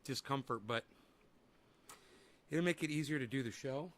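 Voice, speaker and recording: A man's voice: medium pitch, normal speed, a bit bright. A man chatting casually on a livestream while sick and a little winded, rambling and swearing freely. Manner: rambling, swears freely, talks to his dog and chat. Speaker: livestream host.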